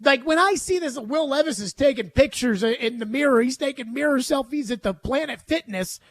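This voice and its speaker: A man's voice: very high-pitched, expressive, fairly quick. A man hosting a sports talk radio show, ranting emphatically with jokes.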